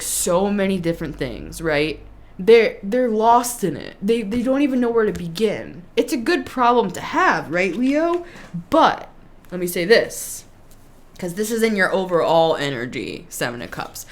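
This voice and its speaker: A woman giving a casual tarot reading to camera, chatty and quick to laugh, with lively emphasis. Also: mid-range voice. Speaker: tarot reader.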